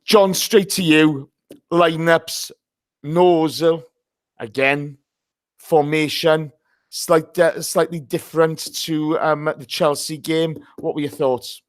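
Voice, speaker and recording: A man's voice: fairly high pitch, fairly even intonation, slow, no room sound, clean studio sound. A man hosting a casual football podcast, chatty and greeting listeners by name. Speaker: podcast host.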